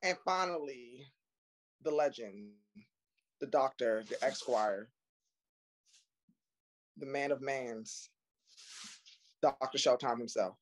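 A man's voice: mid-range voice, takes it slowly, pauses often, rough recording. A man hosting a comedic podcast, doing a playful hype-man radio-style intro. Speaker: podcast host.

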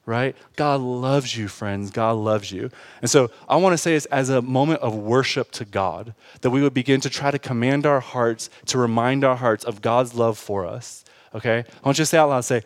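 A man preaching a sermon in a casual, conversational way, growing loud and lively as he gets stirred. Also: normal speed. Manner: animated, rising loud and high when stirred, laughing at his own stories. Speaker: pastor.

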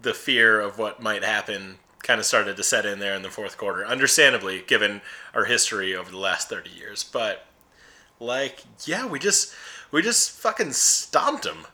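A man's voice: on the low side, expressive, moderate pace, pushed and bright. A man co-hosting a sports podcast, rambling loosely in profane, casual fan talk. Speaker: podcast co-host.

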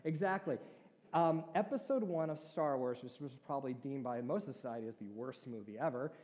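A man's voice: mid-range voice, moderate pace, darkish tone. A man preaching a conversational sermon, joking with his congregation. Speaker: pastor. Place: church hall. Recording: reverberant church hall.

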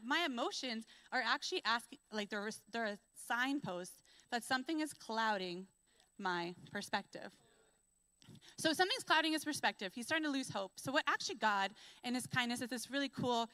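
A young adult woman giving a church sermon, telling stories in a lively way and acting out what people say. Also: on the high side, dry recording. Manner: lively storytelling, acts out quotes. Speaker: preacher.

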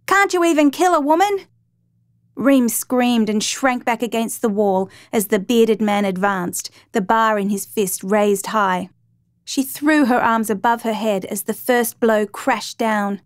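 A woman narrating a true crime story in a steady, measured reading voice. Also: medium pitch, dry recording, studio quality.

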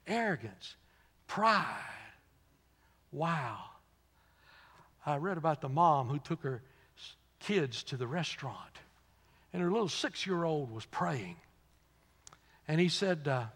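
A man with a fairly high voice preaches a sermon, telling homely stories in a folksy way. He drops to soft asides and then climbs to loud, emphatic peaks. His voice rings out with a long reverb, as in a large church hall. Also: animated, a little slow, long pauses.

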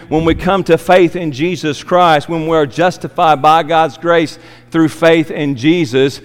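A man preaching an expository sermon, slow and emphatic, repeating key phrases for weight. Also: high-pitched, clean tone. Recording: long reverb of a church hall.

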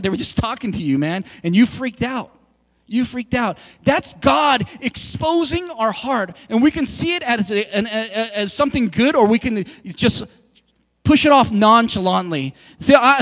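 A man preaching a sermon in a lively, conversational way, acting out quoted dialogue as he talks to the congregation. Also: sits high. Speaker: pastor. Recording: long hall reverb.

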